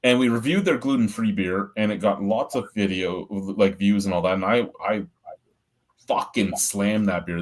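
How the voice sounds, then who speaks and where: A man's voice: lowish voice, normal speed. Blunt, profane man telling stories. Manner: blunt, profane, rambling storyteller. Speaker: host of a beer review show. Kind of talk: casual storytelling chat.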